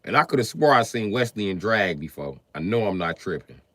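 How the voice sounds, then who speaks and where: Guy ranting on his stream, cussing, bright voice that swings all over. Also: a little fast, dry recording. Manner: animated, profane, riffing with sudden jumps in pitch. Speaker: livestream host. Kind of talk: comedic livestream rant.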